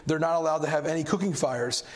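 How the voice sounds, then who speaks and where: A man preaching a sermon, telling a story with animated energy and a voice that climbs when he gets excited. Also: on the high side, quick pace. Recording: long hall reverb.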